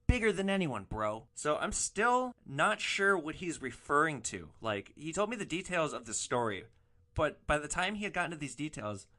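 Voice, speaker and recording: A man hosting a podcast, telling a first-person story in a wry, deadpan, dryly sarcastic way. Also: a little high, normal speed.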